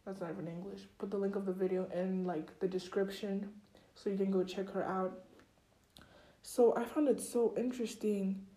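A teenage girl rambles through a gossipy podcast chat, dropping "like" every few words. Her voice is soft and dark-toned. The room adds a noticeable echo. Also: medium pitch, steady tone, normal speed. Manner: chatty, rambling, many filler likes. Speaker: podcast host. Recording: roomy echo.

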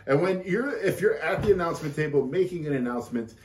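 A man's voice: a little high, lively intonation, quick pace, distant mic, a little hiss or hum. A man co-hosting a casual wrestling recap podcast, rambling and joking with many fillers. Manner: rambling, jokey, filler-heavy. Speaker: podcast co-host. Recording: roomy echo.

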